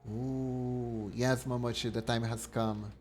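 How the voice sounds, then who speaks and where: A young man streaming a game, talking in an unhurried, musing way. He reads menus and text aloud as he plays, with a mid-range voice. Faint game music plays under his talk. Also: medium pitch, flat delivery, a little mellow. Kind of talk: casual game commentary.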